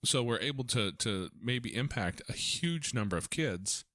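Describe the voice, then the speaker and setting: A man's voice: medium pitch, a little slow, no echo, studio quality. A man hosting a podcast as a foster parent, telling stories casually with lots of restarts. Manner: storytelling, animated, frequent restarts.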